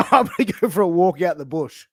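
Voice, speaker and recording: A man's voice: high voice, expressive, quick pace, noisy background. A man hosting a podcast, laid-back and agreeable as he runs a quiz segment. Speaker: podcast host.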